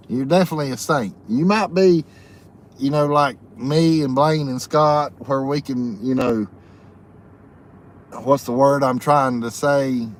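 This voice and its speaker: Medium-pitched and unhurried, with fairly even intonation, this male livestream host reads out viewer comments in a homespun style, laughing frequently during the casual chat. A little hiss or hum sits under the audio.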